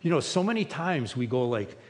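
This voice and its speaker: A man's voice: mid-range voice, sing-song, fairly quick. Conversational male pastor in a reverberant hall. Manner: conversational, acts out quoted lines with restarts. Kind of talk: sermon.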